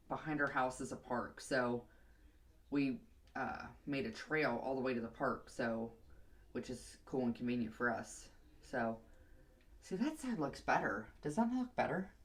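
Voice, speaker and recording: A woman's voice: a bass voice, a little slow. A young woman vlogger telling a long casual story while doing her hair, rambling and chatty, sometimes muttering to herself.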